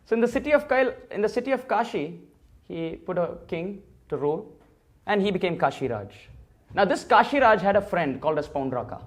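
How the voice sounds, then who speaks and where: A man giving a temple sermon, telling a sacred story and acting out the dialogue of its figures. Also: high voice. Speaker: temple speaker. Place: temple hall.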